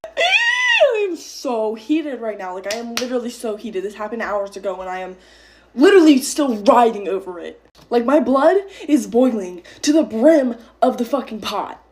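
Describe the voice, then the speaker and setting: A woman's voice: fairly high pitch, normal speed, a little mellow, a little hiss or hum. Teenage girl, get-ready-with-me storytime, heated, emphatic, swears a lot, stumbling restarts. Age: teens.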